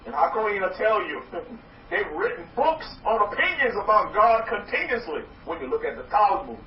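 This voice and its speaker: A man preaching as a rabbi to a congregation, loud and excited, repeating phrases for emphasis. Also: sits high, moderate pace. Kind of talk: energetic sermon to a congregation. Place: hall with congregation. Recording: roomy, distant, dull lo-fi recording with faint noise.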